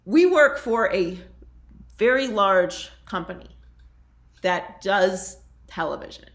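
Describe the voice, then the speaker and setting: A woman's voice: mid-range voice, animated, slow pace. A woman hosting a podcast, ranting in a heated, scolding way and hammering her points through repetition. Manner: exasperated, scolding, repetitive emphasis. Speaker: podcast host. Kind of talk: heated casual podcast rant. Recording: roomy echo.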